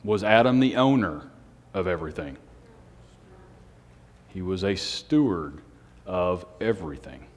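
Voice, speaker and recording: A man preaching a Sunday night sermon, speaking in a self-described monotone with joking asides to the congregation. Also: low voice, a little slow, pauses often. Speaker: pastor. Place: church hall on a Sunday night. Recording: long hall reverb.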